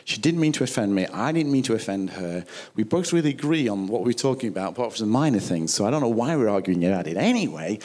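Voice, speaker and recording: A man's voice: lowish voice, sing-song, fast, hardly any pauses, darkish tone. A man preaching a sermon, emphatic and conversational, acting out little quoted dialogues. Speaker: pastor.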